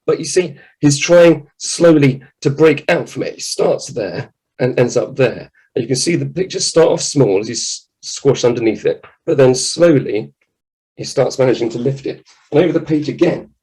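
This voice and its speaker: Man, children's author, talk to kids, lively pitch swings, humorous, animated. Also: normal speed, poor audio. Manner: animated, jokey, acts out scared voices.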